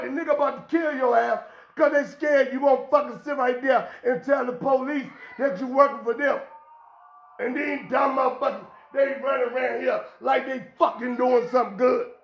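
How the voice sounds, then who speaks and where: A man's voice: very high-pitched, creaky, highs cut off. A man hosting his own podcast, lecturing bluntly and profanely in an unscripted rant. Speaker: podcast host. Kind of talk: unscripted street-talk rant. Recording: echoey room.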